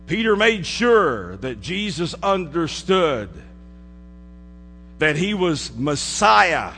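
A man preaching a sermon in a church, dropping to hushed low asides and rising to emphatic declarations. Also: very animated, slow pace. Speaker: pastor. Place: church sanctuary. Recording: hall reverb with mains hum.

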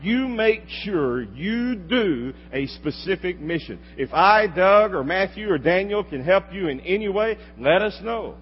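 A pastor delivering a sermon, swinging from loud exhortation to quiet asides. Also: male voice, sits high, animated, unhurried, few pauses, husky. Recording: dull lo-fi recording with long hall reverb and faint hum.

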